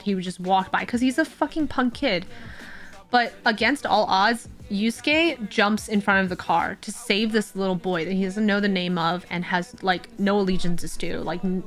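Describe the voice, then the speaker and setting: A young woman streamer casually retelling an anime plot, rambling with lots of filler words. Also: medium pitch. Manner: rambling, heavy on "like" fillers, animated storytelling. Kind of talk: casual chat. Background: faint music.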